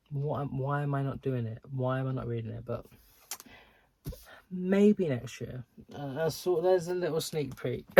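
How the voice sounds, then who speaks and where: A man's voice: mid-range voice, gravelly, darkish tone, a little hiss or hum. A man chatting casually to camera about books he hasn't read yet, rambling and self-deprecating with lots of ums and likes. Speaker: book vlogger.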